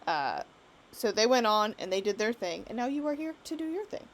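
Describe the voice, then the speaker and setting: A woman's voice: a little high, big pitch swings, fairly quick. A woman narrating as game master on a live stream, chatty and giggly with lots of fillers.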